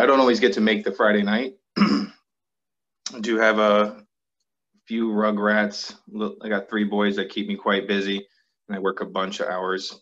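Low-voiced man on a lo-fi video call. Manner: calls himself monotone, plain and steady. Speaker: guest host reading questions. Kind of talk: casual video call chat. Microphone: built-in computer mic on a video call. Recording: dull lo-fi call audio.

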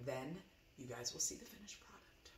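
A woman's voice: a bass voice, lively intonation, moderate pace, reverberant, slight background noise. A woman chatting to her viewers as she demonstrates a one-pot recipe in her kitchen. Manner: chatty, talks to viewers while cooking. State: teary from onion. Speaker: cooking demonstrator. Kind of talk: casual cooking demo.

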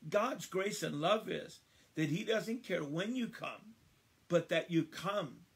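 A man leading a livestreamed Bible study, reading verses slowly and emphatically, repeating phrases and chatting to viewers. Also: high-pitched, lively intonation, creaky, a bit bright. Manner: addresses viewers by name, conversational asides.

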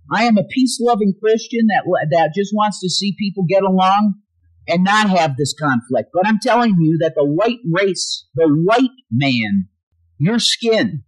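Profane ranting man, wildly swinging pitch. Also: slightly rough, rough recording. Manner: angry profane ranting, swings loud and quiet. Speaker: livestream host. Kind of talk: ranting livestream talk.

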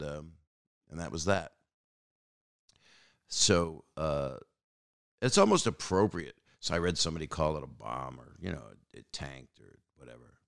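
A man's voice: a bass voice, vocal fry. A man in his sixties hosting a podcast, rambling through casual stories with fillers and restarts, acting out other people's lines. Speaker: podcast host. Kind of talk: casual storytelling.

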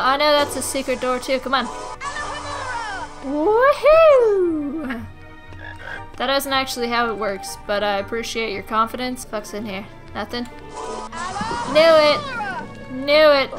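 A woman's voice: high voice, fairly even intonation, a little fast, hardly any pauses. Tipsy, foul-mouthed young woman gamer. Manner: brash, foul-mouthed, chatty. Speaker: gaming host. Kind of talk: drunk let's-play commentary. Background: game music.

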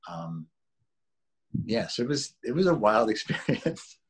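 A man in his forties, an actor being interviewed, talking in a relaxed, rambling way with restarts and laughs. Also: lowish voice, unhurried, slightly rough. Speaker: actor guest. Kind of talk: casual interview chat.

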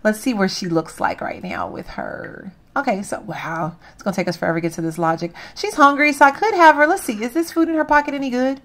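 A woman's voice: on the high side, fast, few pauses, a bit bright. A woman hosting a let's play, chatting to her viewers as she plays and laughing at herself. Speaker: gaming channel host.

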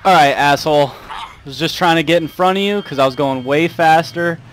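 A young man commentating a video game playthrough, muttering asides and breaking into loud swearing outbursts. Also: on the high side, a little fast, slight background noise. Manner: swings between mumbled asides and loud angry outbursts, swears a lot. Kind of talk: let's play commentary.

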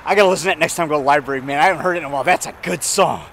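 A man talking in a rambling, folksy, excitable way, mixing songs with preaching, outdoors by a road. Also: on the high side, racing, slight background noise. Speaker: vlogger.

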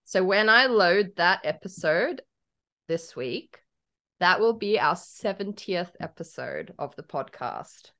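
Young aussie woman co-hosting a podcast, giggly, bouncy lively voice, chatty. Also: fairly low pitch, takes it slowly. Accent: Australian. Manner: giggly and effusive, talks over her co-host. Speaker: podcast co-host. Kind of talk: casual chat.

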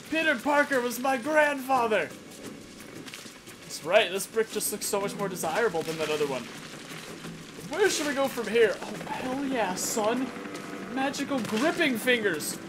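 A gamer narrating a first-look playthrough, excitable and jokey, yelping and swearing at every scare. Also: mid-range voice, unhurried. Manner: jokey running banter with the viewer. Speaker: gameplay commentator. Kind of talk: let's-play commentary. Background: game music.

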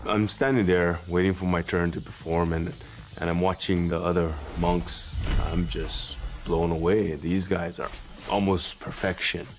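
A man's voice: deep voice, level tone, unhurried, soft background music. A man hosting a documentary, narrating his training and speaking candidly in interviews with an earnest, self-deprecating manner. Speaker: documentary host training at a temple.

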